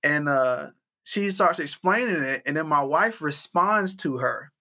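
Man, casual talk show co-host, animated storyteller, bright tone. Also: fairly high pitch, unhurried. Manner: animated storyteller, acts out quotes. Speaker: podcast co-host. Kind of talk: casual chat.

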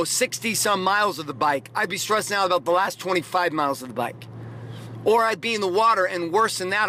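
Middle-aged male podcast host, bright and high, swearing and rambling through a motivational story. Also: a little hiss or hum. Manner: profane, rambling, emphatic storytelling. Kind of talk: casual motivational monologue.

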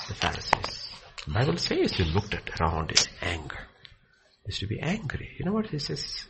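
A man with a low, gravelly voice preaches with fervour. His pitch leaps around with lively swings, and he moves from hushed, almost whispered lines to loud, excited outbursts. A faint hiss of noise sits behind him. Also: a little fast. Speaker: Bible teacher. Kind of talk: impassioned preaching in conversation.

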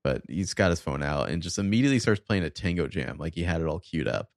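Low gravelly guy doing a snarky show recap, dry close mic, swears a lot. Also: fast, no room sound. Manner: sardonic, profane, reads quoted dialogue flatly. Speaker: podcast co-host recapping a TV episode. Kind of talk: casual recap chat with crude jokes.

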